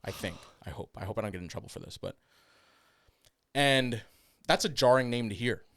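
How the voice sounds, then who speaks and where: A man co-hosting a podcast, telling a story in a casual, animated way, laughing often and swearing freely. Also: mid-range voice, fairly quick, no echo, clean studio sound. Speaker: podcast co-host.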